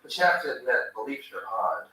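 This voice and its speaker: A man's voice: medium pitch, lively intonation, fairly quick, very echoey, distant mic, crowd noise, low-quality recording. A man performing a sardonic stand-up routine, mocking as he goes. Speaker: stand-up comic.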